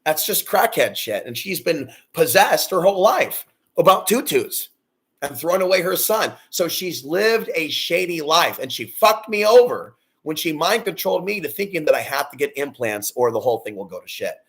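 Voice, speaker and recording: A man's voice: a little high, sing-song, normal speed, a bit bright. A man in his forties on a personal vlog, ranting bitterly and swearing a lot. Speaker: vlogger. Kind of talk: angry personal rant.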